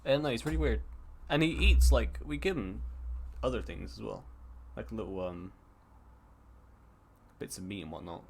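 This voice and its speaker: A man's voice: fairly low pitch, normal speed, creaky, pauses often, a little mellow, slight background noise. A man co-hosting a casual podcast over an online call, rambling with many restarts and swearing. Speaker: podcast co-host. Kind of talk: casual chat.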